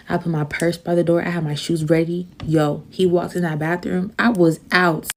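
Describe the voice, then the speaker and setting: A woman's voice: on the low side, little pitch movement, a little fast, hardly any pauses, darkish tone, slight background noise. A woman telling a frightening dating story in casual storytime style, emphatic and breathless.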